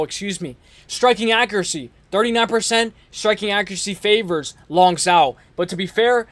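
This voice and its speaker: A young man with a high-pitched voice hosts an MMA podcast preview, chatting casually about upcoming fights. He rambles in slang and corrects himself often, and the recording has no room sound.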